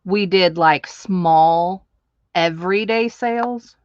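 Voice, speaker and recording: A woman's voice: fairly low pitch, slow, dry recording, muffled recording. A woman hosting a live stream, chatting casually with viewers while she crafts, laughing often.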